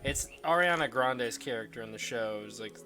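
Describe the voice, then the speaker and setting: A man's voice: mid-range voice, a little fast. Dry sarcastic male streamer. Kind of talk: casual chat during a game stream. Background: game music.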